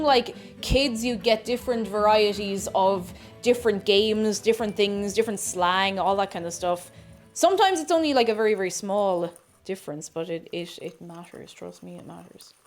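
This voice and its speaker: A young Irish woman chatting casually while she bakes on a live stream, rambling and talking to herself as she measures things out. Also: medium pitch. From Ireland.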